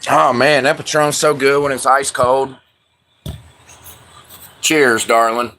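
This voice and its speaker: A man's voice: medium pitch, fairly even intonation, takes it slowly, pushed and bright, slight background noise. A man hosting a casual livestream, chatting with viewers in loose, slangy, profane banter. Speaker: livestream host.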